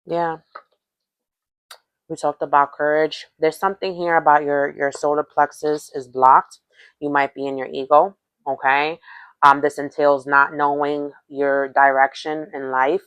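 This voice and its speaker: A woman's voice: low voice, flat delivery, measured pace, a bit bright, clear, resonant tone, no echo. Woman, Spanish accent, tarot reader, casual, rambling, repeats herself, dry close sound. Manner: rambling, repeats and restarts phrases, frequent "okay?". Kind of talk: casual tarot reading to viewers.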